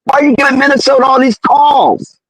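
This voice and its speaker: A very high-voiced man calls a basketball game play by play, excitable and slangy. He keeps protesting the referees. His voice is dry and close, with no room sound. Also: fairly quick, no room sound, poor audio. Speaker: live game commentator. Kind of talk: fan play-by-play commentary.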